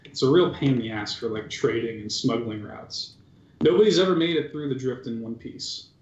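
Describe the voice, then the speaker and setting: A man's voice: mid-range voice, normal speed, a little mellow. A man narrating as game master of a tabletop game, in a casual, loose way with many fillers. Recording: dull, roomy recording.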